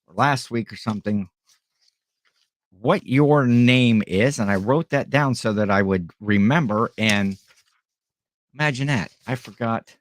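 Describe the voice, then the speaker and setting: A man's voice: mid-range voice, measured pace. A middle-aged man from Ohio hosting a casual live stream at home, rambling and greeting viewers by name.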